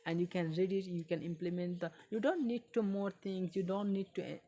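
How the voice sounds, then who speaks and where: A woman, not a native English speaker, reading a book aloud in a halting way and repeating phrases for learners. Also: on the low side, warm tone, slight background noise.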